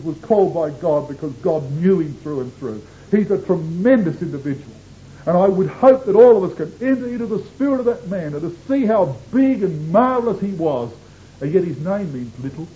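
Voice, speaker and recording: Earnest preacher man, high mellow voice. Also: muffled recording. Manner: earnest, emphatic exhortation. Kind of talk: sermon.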